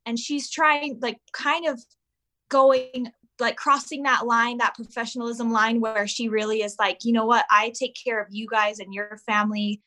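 A woman in her thirties, chatting casually as a podcast guest and telling an animated story. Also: a little high, normal speed. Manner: animated storyteller, acts out voices of her kids. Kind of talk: casual chat.

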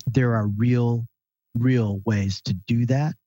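A man guest on a podcast interview, telling stories in an animated, emphatic, conversational way. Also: mid-range voice, slow pace, no echo. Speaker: guest, author and speaker.

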